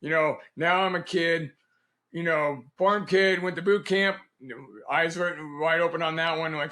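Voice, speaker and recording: Bright, lively middle-aged man telling stories. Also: fairly high pitch, moderate pace. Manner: animated, laughs often, acts out quoted dialogue. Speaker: guest, Navy veteran. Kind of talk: casual storytelling interview.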